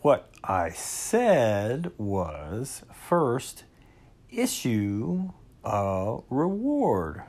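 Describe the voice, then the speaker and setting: A man's voice: medium pitch, very animated, drawn-out words, creaky, a little mellow, full character voice. A man voicing a pompous, long-winded owl in a storybook reading, fond of long words. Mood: lecturing.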